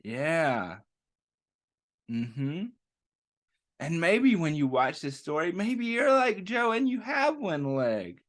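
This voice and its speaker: Slow, lively man reading to kids. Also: fairly high pitch. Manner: gentle, questioning teacher talk to children. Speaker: children's story time host. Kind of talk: interactive picture-book read-aloud for kids.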